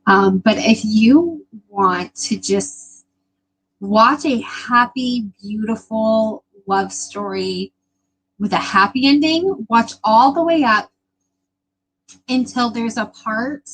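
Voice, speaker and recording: A woman's voice: on the high side, takes it slowly, a bit bright, low-quality recording. A young woman hosting a casual live stream, chatting with viewers in a gushing, emotional way with lots of fillers.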